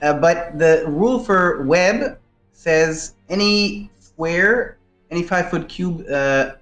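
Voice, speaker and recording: A man's voice: a little high, slow pace, a bit bright, soft background music. A man playing a tabletop game, thinking aloud and counting out moves. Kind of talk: casual game talk. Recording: echoey room.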